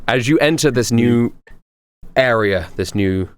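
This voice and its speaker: A man's voice: medium pitch, animated, measured pace, clear, resonant tone, no room sound. A man narrating as game master of a tabletop game, loose and rambling with many fillers.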